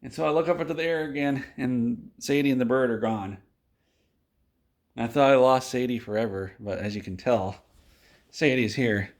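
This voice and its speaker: A man telling an absurd tall tale to his viewers, deadpan and rambling with restarts. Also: mid-range voice, moderate pace. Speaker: video host.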